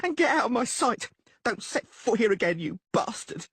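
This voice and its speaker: A man's voice: very high voice, very animated, moderate pace, a bit bright, breathy edge, no echo, clean studio sound, pitched above the performer's own voice, heavily acted. A man doing a shrieking furious blonde woman. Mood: screaming furious. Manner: screaming insults from a balcony. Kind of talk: audiobook character voice.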